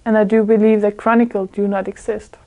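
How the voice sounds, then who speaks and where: A woman's voice: medium pitch, little pitch movement, a little fast, darkish tone. A woman giving an informal spiritual talk to a small group indoors. She sounds earnest, searches for her words, and often laughs. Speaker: spiritual speaker.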